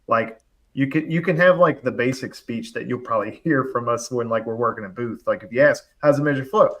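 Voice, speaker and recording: A man in casual conversation, telling a story with lots of energy. He throws in fillers and quick acted-out quotes, and his voice sits at a middle pitch. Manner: animated, fast storytelling full of "like" and acted-out quotes. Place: live online show, remote.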